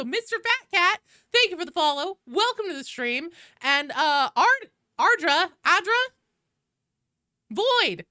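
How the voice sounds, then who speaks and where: A tired woman streaming a game, greeting chat by name in animated, casual talk, with some swearing. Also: very high voice, no echo, studio quality. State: sleep-deprived and tired.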